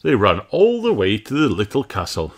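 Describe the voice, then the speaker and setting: A man reading a children's story aloud, slow and expressive. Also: lowish voice. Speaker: storybook reader. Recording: noisy home recording.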